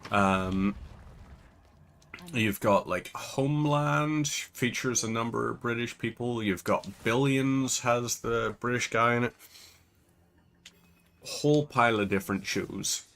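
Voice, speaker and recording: A man's voice: medium pitch, takes it slowly, pauses often, a bit bright. A man with a Northern Irish accent giving casual, rambling gameplay commentary as a channel host. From Northern Ireland. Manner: chatty, rambling digressions.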